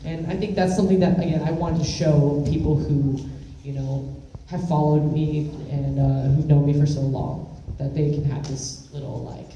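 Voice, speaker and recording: A woman's voice: low-pitched, fairly even intonation, moderate pace, warm tone, muffled recording, a little hiss or hum. A woman giving chatty, giggly interview answers full of fillers, recorded from a distance in a large echoey room. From California. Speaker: interview guest. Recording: echoey room, speaker far from mic.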